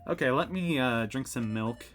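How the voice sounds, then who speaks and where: A man's voice: medium pitch, moderate pace, over music. A man hosting a casual let's play, rambling through gameplay commentary with lots of fillers and self-mocking asides, recorded at home.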